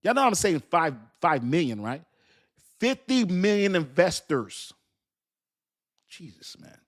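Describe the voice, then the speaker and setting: Animated crypto commentator, male, slightly higher pitch, laughing and preachy. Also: unhurried. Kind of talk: casual talk to camera.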